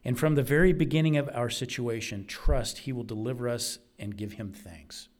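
A man's voice: medium pitch, moderate pace, darkish tone. A man preaching a sermon, earnest and emphatic, repeating key phrases for weight.

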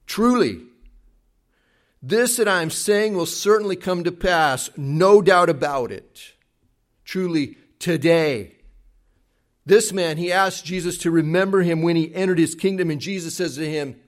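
A man preaching a sermon in an earnest, emphatic way, at times dropping to a hushed tone. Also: high-pitched, unhurried. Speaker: pastor.

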